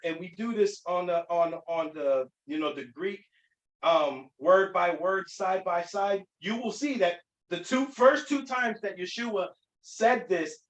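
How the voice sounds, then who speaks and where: A man with a high voice teaches scripture emphatically, stumbling and restarting as he goes. He stands back from the mic, and the room rings around him. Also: roomy sound, recorded from a distance, low-quality recording. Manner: emphatic, with many restarts and fillers. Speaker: Bible teacher. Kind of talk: teaching sermon.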